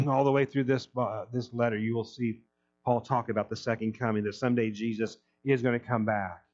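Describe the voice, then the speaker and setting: A man's voice: medium pitch, fairly even intonation, a little fast, a little mellow. Emphatic male pastor, lo-fi sound. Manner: emphatic, reads scripture aloud then explains it. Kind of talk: sermon. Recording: dull lo-fi recording.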